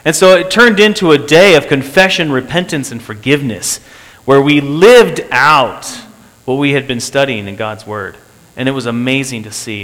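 A man's voice: mid-range voice, a bit bright. A man preaching and telling of a church meeting, earnest, repeating phrases for emphasis. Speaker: pastor. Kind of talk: sermon testimony. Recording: long hall reverb.

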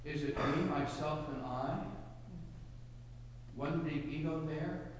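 A man preaching a sermon as a pastor, telling a parable with dramatic, loud punches on quoted lines. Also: fairly high pitch, steady tone, slow, slight background noise. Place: church. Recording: echoey hall, mic at a distance.

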